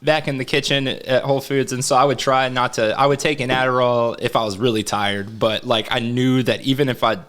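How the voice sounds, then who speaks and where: A man's voice: medium pitch, little pitch movement, fairly quick, few pauses, a bit bright. A young man co-hosting a podcast, rambling through swear-filled work stories in casual chat. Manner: rambling, swearing, storytelling with laughs. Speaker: podcast co-host.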